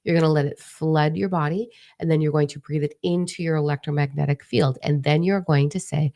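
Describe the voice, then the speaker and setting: A woman's voice: sits low, steady tone, fairly quick, hardly any pauses, warm tone. A woman giving a casual spiritual energy forecast, frank and encouraging, swearing freely as she coaches her viewers.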